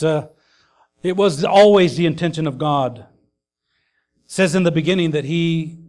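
A man preaching a sermon, earnest and grieving his mother, pausing with fillers and rising to emphatic calls. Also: fairly high pitch. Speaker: pastor.

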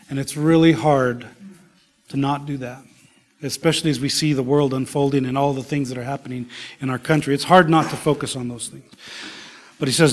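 A man preaching a sermon in a slow, emphatic way, dropping at times to a soft whisper. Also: mid-range voice, steady tone. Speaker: pastor.

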